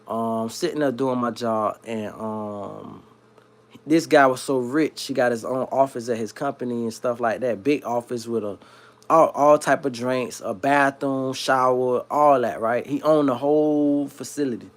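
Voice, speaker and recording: A man from South Florida who hosts a livestream, telling a long story in a slangy, rambling, animated way. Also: mid-range voice, measured pace. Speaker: livestream host. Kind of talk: casual storytelling.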